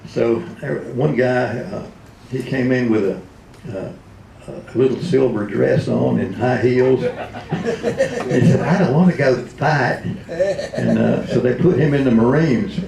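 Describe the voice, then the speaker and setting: Gravelly joking old radio man. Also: medium pitch, measured pace, crowd noise. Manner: joking, laughing often, doing voices. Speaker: retired radio DJ, convention speaker. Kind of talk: comic storytelling speech. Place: convention hall. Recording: roomy hall.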